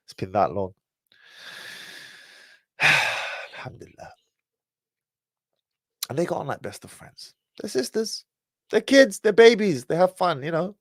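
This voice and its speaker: A man's voice: high voice, normal speed, no room sound, clean studio sound. A man talking casually to his livestream viewers. He sighs often as he talks. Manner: animated, sighing often. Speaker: livestream host.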